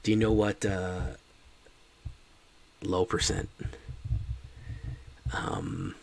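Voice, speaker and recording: A man's voice: low-pitched, lively intonation, very slow, gravelly. A man streaming a card game, chatting casually and joking with his chat.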